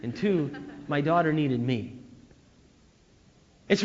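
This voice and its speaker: A man preaching a sermon, telling stories in an animated way that swings from loud to hushed. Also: on the high side, moderate pace, pauses often. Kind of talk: sermon on parenting. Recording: dull lo-fi recording with long hall reverb.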